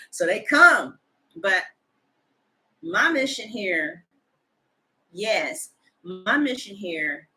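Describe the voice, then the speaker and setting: Chatty blunt woman with a bright voice. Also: mid-range voice, poor audio. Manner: chatty, gossipy and blunt, with slang and swearing. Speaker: tarot reader. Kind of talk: casual chat to camera.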